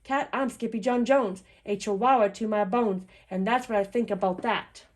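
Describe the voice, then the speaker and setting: A woman voicing a mischievous boy kitten who thinks he is a chihuahua, boasting loudly in a playful put-on Spanish accent. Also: mid-range voice, steady tone, moderate pace, lightly acted. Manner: boastful, bouncy, loud.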